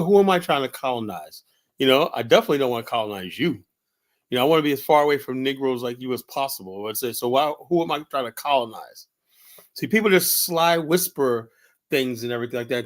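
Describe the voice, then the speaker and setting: A man hosting his own commentary show, talking in a rambling, mocking and combative way, tired and stumbling over fillers and restarts. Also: mid-range voice. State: tired, yawning. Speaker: radio show host.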